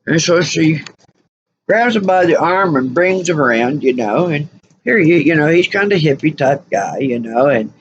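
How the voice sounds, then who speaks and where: A woman's voice: sits low, lively intonation, normal speed, highs cut off, slight background noise. A woman vlogger telling a story casually, rambling and full of "you know" fillers.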